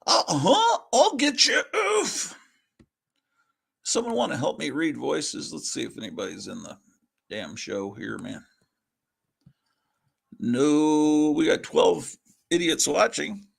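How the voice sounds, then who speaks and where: Gravelly, slow-talking man host. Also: a little high, very animated. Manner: rambling, self-deprecating, swears under his breath. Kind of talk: casual livestream comic-book reading.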